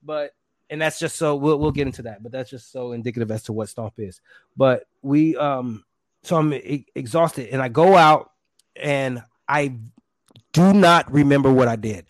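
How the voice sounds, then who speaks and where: A man, a stage performer, telling his story in a casual interview, animated and acting out voices. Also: mid-range voice, normal speed, no room sound. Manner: animated, acts out quotes with shouts and pants.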